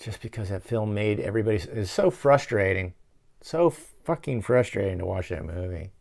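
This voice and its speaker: Man, show host, deep gravelly voice, rambling profane commentary. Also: expressive, normal speed, a little mellow. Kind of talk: casual movie riffing commentary. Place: office.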